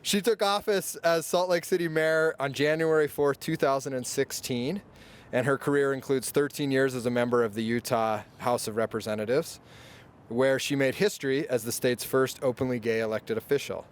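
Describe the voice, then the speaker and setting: A man's voice: mid-range voice, fairly even intonation, moderate pace. A man emceeing an outdoor press event, reading speaker introductions with a light, self-deprecating touch.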